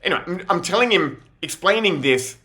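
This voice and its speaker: Bright-voiced laughing guy. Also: high-pitched, expressive, a little fast. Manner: rambling, laughing often, slangy. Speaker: vlogger. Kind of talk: casual storytelling monologue.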